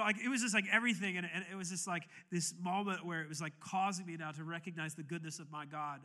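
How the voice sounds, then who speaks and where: A man's voice: high voice, fairly even intonation, fast, hardly any pauses, bright, forceful tone. A male pastor telling a personal story in a conversational sermon, with many restarts, then building into passionate, raised preaching. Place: church sanctuary.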